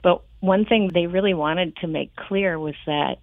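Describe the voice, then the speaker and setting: Low-voiced woman on a phone line. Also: measured pace, no echo. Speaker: children's author and guest. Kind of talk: radio interview over the phone. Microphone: telephone.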